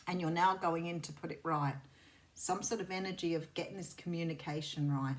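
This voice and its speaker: A woman's voice: fairly low pitch, steady tone, brisk. A middle-aged Australian woman with a soothing voice, giving a chatty tarot reading to camera in a rambling, intuitive way. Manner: rambling and intuitive, with many fillers and restarts. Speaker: tarot reader.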